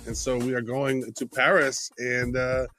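A man's voice: mid-range voice, level tone, a little slow, sharp tone, soft background music. A man co-hosting a podcast, chatting in an easygoing, talkative way. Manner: easygoing, chatty, laughs often. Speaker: podcast co-host. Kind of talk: casual podcast chat.

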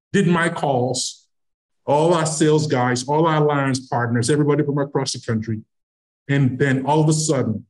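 A middle-aged man from Nigeria tells a long personal story as a podcast guest. His voice sits in an everyday middle pitch, and he acts out the lines he quotes from other people as he tells it. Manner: animated storyteller who acts out quoted dialogue. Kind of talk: storytelling anecdote.

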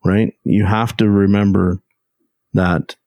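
A man's voice: lowish voice, level tone, takes it slowly, vocal fry, darkish tone, dry recording. A man co-hosting a podcast, explaining his view steadily and checking in with his listeners. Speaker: podcast co-host. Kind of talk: casual podcast chat.

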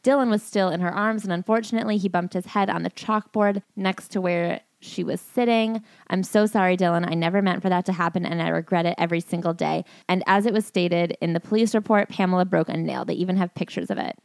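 A woman's voice: fairly low pitch, steady tone, fast, creaky, few pauses, dry recording. A woman co-hosting a podcast, reading passages aloud and mocking them in casual chat. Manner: mocking, incredulous. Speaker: podcast co-host.

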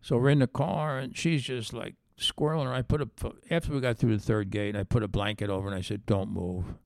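A man's voice: mid-range voice, a little fast, creaky, no room sound. A middle-aged man, a former undercover agent, telling his story in an interview and acting out the voices of the people in it. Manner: animated storyteller, acts out quoted voices.

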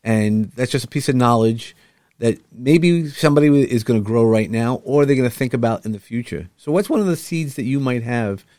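Male interviewer, mid-range voice, dry recording, supportive and a little halting. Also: medium pitch, darkish tone, no room sound. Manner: encouraging, with frequent filler "uh"s. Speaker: podcast host. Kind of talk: casual interview chat.

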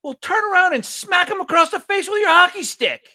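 Guy doing a screechy high mom yelling out the window, blunt and loud. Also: animated, a little fast, heavily acted. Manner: shrill, yelled out a window.

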